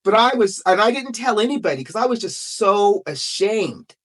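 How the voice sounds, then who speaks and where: A woman from Salt Lake City, a guest author telling a personal story in a lively, emphatic way. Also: medium pitch. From Salt Lake City, Utah. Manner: lively, emphatic, quick to act out quotes.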